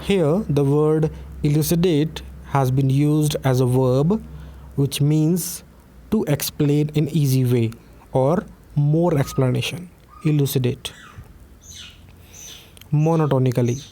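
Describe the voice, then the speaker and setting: A man teaching newspaper vocabulary, switching between Hindi and English and reading example sentences slowly. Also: a little high, mellow. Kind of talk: vocabulary lesson.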